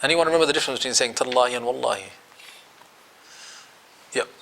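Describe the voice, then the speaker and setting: A man's voice: medium pitch, fast talker, creaky, sharp tone, slight background noise. A man teaching a Quran commentary class, quizzing his students and acting out quotes.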